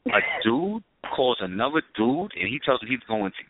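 A man's voice: mid-range voice, sing-song, normal speed, no echo, phone-quality sound. A man co-hosting a radio talk show, trading playful jokes in casual chat. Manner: joking, playful banter.

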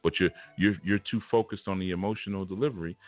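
Quick and deep-voiced, the spiritual teacher lectures casually with a confrontational, punchy bluntness. The audio has a thin phone quality, and faint music can be heard.

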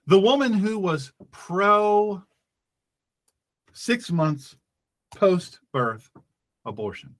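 A middle-aged man hosting a political talk radio show, his voice sitting a little high. He preaches with fervor, jumping up for emphasis and dropping to low, quiet asides. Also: very animated, very slow, pauses often. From rural United States.

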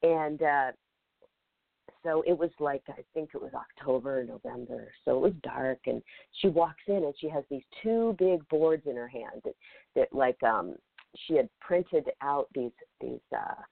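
A woman's voice: a bass voice, measured pace, creaky, dry recording. A woman hosting a show, telling a personal story in a rambling, hesitant way. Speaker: podcast host. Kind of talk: casual storytelling. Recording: tinny phone line, dry.

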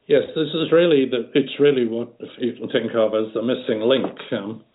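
A man's voice: mid-range voice, moderate pace, a little hiss or hum. An older man from Liverpool with a light Liverpool accent, talking unhurriedly as an interview guest, with many fillers and restarts. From Liverpool, England. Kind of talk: casual interview reminiscence. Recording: tinny phone line.

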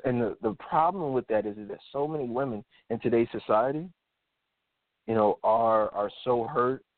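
Guy running a radio call-in show, blunt and animated, does little voices in his stories, tinny phone sound, dry. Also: mid-range voice, no echo. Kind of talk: opinionated call-in radio commentary. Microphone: phone line. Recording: tinny phone-line audio.

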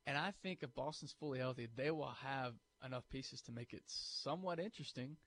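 A man co-hosting a morning sports radio show, talking into a studio microphone. His voice sits at an ordinary male pitch and swings up sharply when he gets worked up. He argues his point and voices the listeners' objections himself. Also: fairly quick, a little hiss or hum. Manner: animated, argumentative, acts out imagined listener objections. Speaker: sports talk radio co-host.

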